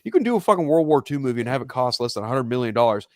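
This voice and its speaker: A man's voice: mid-range voice, very animated, very fast, no room sound, studio quality. A man ranting in a heated, profane casual chat on a live stream, mocking fans. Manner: ranting, profane, mocks fans in whiny shouts. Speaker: podcast co-host.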